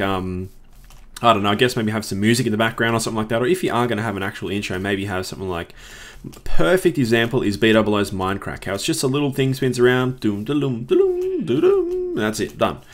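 A young man with a slightly low voice, talking through a game in relaxed, rambling commentary. He chats loosely to his viewers and drops the odd curse when the game annoys him. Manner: rambling, chatty, swears when frustrated. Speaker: let's play host. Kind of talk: casual gameplay commentary.

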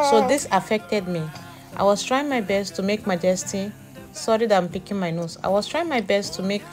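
A woman narrating a casual family vlog, chatty and tired, often calling her viewers guys. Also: mid-range voice. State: tired, exhausted. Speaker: family vlogger.

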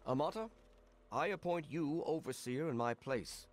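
A man's voice: fairly high pitch, lively intonation, moderate pace, a little hiss or hum, natural voice. An actor playing a proud, cold male overseer in a video game, formal and dismissive.

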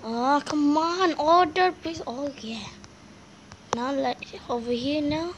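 A woman hosting a gaming video, commenting in a halting, simple way, easily spooked and often calling out to her viewers. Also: sits high, slight background noise. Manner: halting, simple phrasing, often calls out to "guys". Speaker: gaming channel host. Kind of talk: let's-play commentary. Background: game music.

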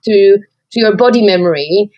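A woman's voice: mid-range voice, moderate pace, dark tone, no echo. Woman podcast co-host, candid, meandering with fillers; muffled, close and dry. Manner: rambling, many "like" fillers, reflective. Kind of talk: candid conversational chat.

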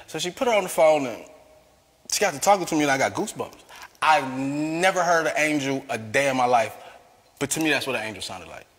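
A man giving a personal testimony as a guest, an animated talker who laughs often. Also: fairly high pitch, brisk, in a large hall. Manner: lively, laughs often, calls himself a talker.

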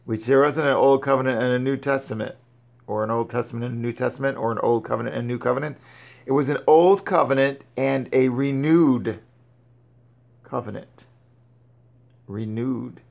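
A man's voice: mid-range voice, moderate pace, gravelly, darkish tone, dull audio. A man reading Bible verses aloud and breaking off to explain and exhort. He often stumbles and restarts his words. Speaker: Bible teacher. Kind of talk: scripture reading with commentary.

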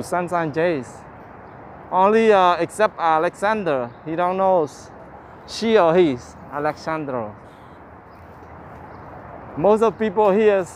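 A cheerful man with a high voice talks slowly through a walking-tour livestream, thanking viewers by name in simple broken English. He is outdoors on a phone mic, with faint city sounds behind him. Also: slight background noise. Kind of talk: casual live-stream chat. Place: outdoors in a city park by the waterfront.

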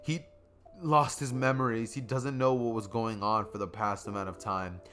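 A man's voice: lowish voice, steady tone, normal speed, bright, forceful tone. A young man narrating a fan story in a casual, rambling storytelling style with repetitive phrasing. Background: faint music.

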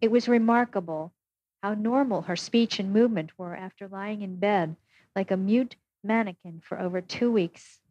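Brief: woman audiobook narrator, measured first-person reading, mid pitch, dull dry recording. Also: no room sound. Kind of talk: scripted narration.

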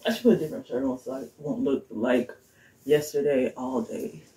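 A woman's voice: extremely low pitch, warm tone, slight background noise, rough recording. A woman chatting casually to her viewers in her home kitchen, rambling as she thinks aloud and chuckling often. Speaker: vlogger. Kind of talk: casual vlog chat to viewers.

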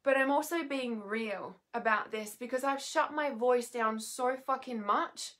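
A tired woman venting at home from her bed, with a slightly high voice. Her talk is raw and restless, full of swearing, trailing off and restarting. She sounds emotionally worn. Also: unhurried, fairly bright tone. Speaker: healer and mentor vlogger. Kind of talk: emotional unscripted monologue.

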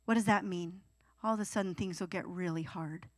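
In a slightly fast, lowish voice, a young adult woman preaches to youth, playing out whiny teenage pleas with animated flair. She's a youth pastor, and the recording is dry.

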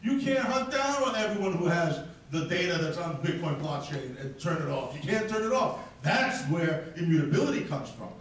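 A man's voice: on the high side, very animated, normal speed, hardly any pauses. A man giving a combative, profane, ranting speech to a live audience at an event. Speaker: speaker at a crypto event. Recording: very echoey, distant mic in a hall.

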